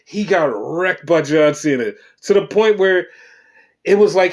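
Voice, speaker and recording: Animated, profane podcast host, a man. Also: high voice, measured pace. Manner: animated, profane, reenacts quotes. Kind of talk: solo wrestling recap podcast.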